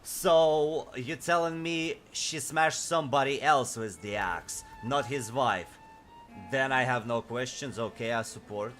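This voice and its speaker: A man with as his gives casual, upbeat commentary while he plays a game. He reacts with enthusiasm and reads the item descriptions aloud, with soft music under his voice. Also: medium pitch, measured pace. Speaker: gaming streamer. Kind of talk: casual let's-play commentary.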